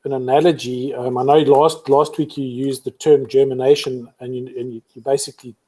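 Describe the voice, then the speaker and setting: Male host interviewer, warm dark husky voice, deliberate and searching phrasing. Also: medium pitch, level tone. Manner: measured, builds up a point with restarts. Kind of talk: interviewer's casual chat.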